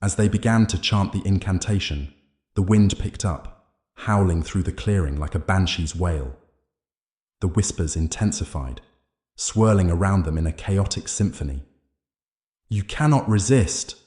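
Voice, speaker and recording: A man narrates a scripted horror story in a measured, dramatic way. His voice is low and deep. The recording has a roomy echo. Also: a little mellow.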